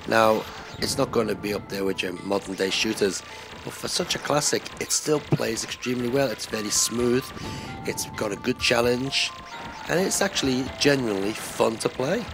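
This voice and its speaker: A man giving a relaxed, rambling voice-over commentary on a retro game, with lots of filler words. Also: medium pitch, normal speed, creaky. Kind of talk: casual gameplay commentary voice-over. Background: game music.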